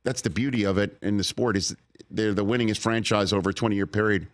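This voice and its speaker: A man hosting a sports talk show in a studio, interviewing a guest with eager, halting restarts. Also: fairly low pitch, steady tone, no room sound. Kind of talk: casual interview chat. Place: broadcast studio.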